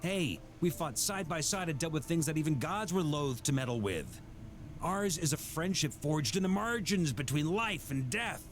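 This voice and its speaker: Middle-aged knight grandmaster, formal, genial, expressive pitch. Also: male voice, slight background noise. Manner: warm, relaxed storytelling, measured and formal. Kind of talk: game voice acting.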